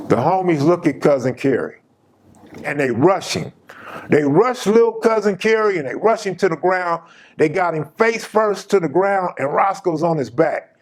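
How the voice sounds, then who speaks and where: Slangy man telling a jail story. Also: a little high. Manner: slang-heavy, emphatic retelling. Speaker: storyteller, channel host. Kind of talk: casual spoken storytelling.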